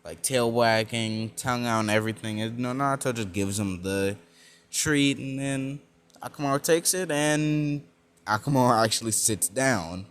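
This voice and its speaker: A man's voice: medium pitch, moderate pace, fairly bright tone, a little hiss or hum. A young man casually narrating a fan-made story, rambling with many fillers and self-corrections.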